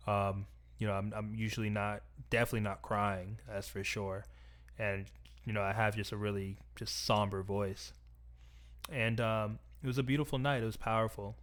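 A young man telling a personal story in a reflective, earnest, soft-spoken way. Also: on the low side, little pitch movement, normal speed.

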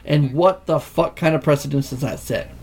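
A man in casual chat, ranting about a film with plenty of swearing and animated outbursts. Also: fairly high pitch, normal speed, gravelly, slight background noise. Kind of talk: casual movie discussion.

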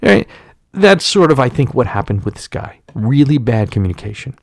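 Man with a gravelly voice recounting a story, rambling and profane, dry close sound. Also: mid-range voice, very animated, moderate pace, no room sound. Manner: rambling, profane, self-interrupting. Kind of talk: casual storytelling.

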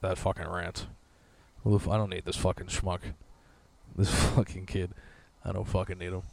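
A man's voice: low-pitched, little pitch movement, moderate pace, creaky, a little mellow. A man on a podcast going on a crude, sarcastic comedic rant full of swearing. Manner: sarcastic, crude, mocking voices of others. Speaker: podcast co-host.

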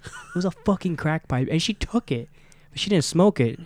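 A man co-hosting a casual podcast, telling a profane story and acting out the people in it with loud quotes. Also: on the high side, lively intonation, moderate pace, no echo. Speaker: podcast co-host. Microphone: studio mic in apartment.

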